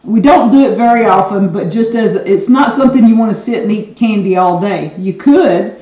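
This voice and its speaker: A woman's voice: mid-range voice, moderate pace, warm tone. A woman with a Southern US accent co-hosting a homestead live stream, chatty, trailing off with fillers. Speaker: homestead channel co-host. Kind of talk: casual live-stream chat. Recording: distant, dull, echoey mic pickup.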